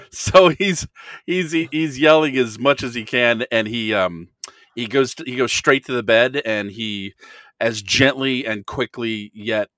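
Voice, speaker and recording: A man playing in a tabletop game, describing his character's actions in an animated, rambling way. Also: mid-range voice, a little slow, dry recording. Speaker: player.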